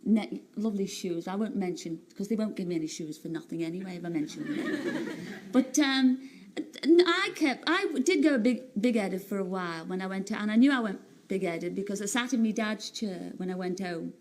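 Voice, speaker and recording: A woman in her late thirties from Liverpool, speaking with a Liverpool accent as a talk-show guest, telling stories in a chatty, animated way and laughing often. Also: mid-range voice, a little fast. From Liverpool, England. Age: 30s. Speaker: singer and TV entertainer, guest. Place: TV studio.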